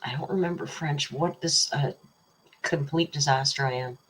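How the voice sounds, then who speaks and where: Low husky-voiced woman, chatty livestream host, rambling and teasing, reads super chats. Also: normal speed. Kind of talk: casual live chat reading super chats.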